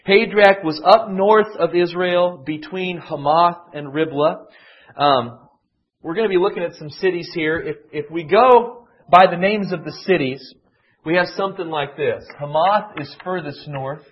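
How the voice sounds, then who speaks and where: A man's voice: fairly high pitch, a little slow. Man teaching a Bible class, dull recording. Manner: digressive and emphatic, with frequent restarts. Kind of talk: conversational Bible lesson.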